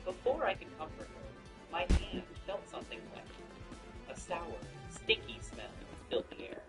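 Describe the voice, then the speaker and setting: A man telling a first-person family story with lively, rising and falling delivery. He sits a little back from the mic, and music plays clearly behind him. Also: mid-range voice. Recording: distant mic with background music.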